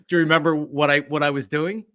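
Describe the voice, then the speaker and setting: A podcast host and ex-sports radio man talks sports casually, acting out quotes and peppering animated anecdotes with fillers. His voice is slightly high and a little fast, with no room sound.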